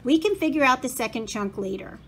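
A woman's voice: sits high, expressive, a little fast, a bit bright, slight background noise. A woman reading the part of a methodical schoolboy who explains things step by step in a storybook read-aloud. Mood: focused.

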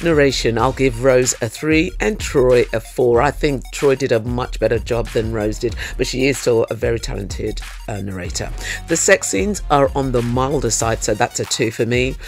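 A man's voice: mid-range voice, normal speed, vocal fry, soft background music. Cheeky, emphatic male audiobook reviewer. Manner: playful, cheeky, gets loud and emphatic when ranting. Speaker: audiobook review show host. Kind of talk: scripted review monologue.

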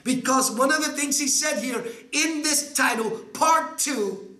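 A man preaching an impassioned prophetic sermon, often shouting and repeating his phrases for emphasis. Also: extremely high pitch, a little slow, reverberant.

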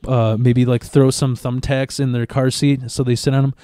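A man's voice: mid-range voice, flat delivery, normal speed, warm tone, dry recording, studio quality. A man, a stand-up comedian, telling long profane stories in a casual podcast chat and tripping over repeated words as he starts sentences. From Chicago area.

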